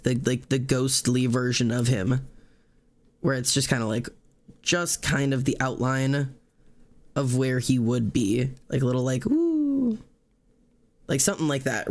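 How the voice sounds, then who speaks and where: A man streaming live, chatting casually while he sketches tattoo ideas, rambling with many fillers and the odd curse. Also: mid-range voice. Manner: rambling, full of fillers and swearing. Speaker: livestreamer.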